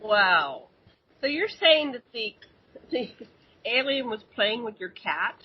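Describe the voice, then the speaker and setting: A woman's voice: a little high, sing-song, slow, breathy edge. A woman hosting a radio talk show, friendly, reacting with short exclamations and steering to the break. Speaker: host. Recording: dull lo-fi audio.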